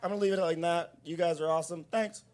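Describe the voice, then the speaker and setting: A man's voice: fairly high pitch, fairly even intonation, fast talker. A man doing open mic stand-up in a coffee shop, rambling and self-deprecating. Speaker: stand-up comedian.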